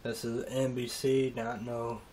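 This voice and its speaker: A man rambling through a halting, emotional monologue in a casual vlog, trailing off and restarting often. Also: medium pitch, flat delivery, dark tone, a little hiss or hum. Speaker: vlogger.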